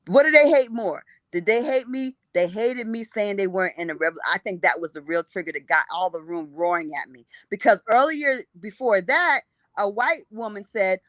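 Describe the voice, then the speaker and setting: A woman's voice: mid-range voice, normal speed, fairly bright tone, dry recording. A woman telling a story in casual conversation, emphatic and blunt, often repeating herself.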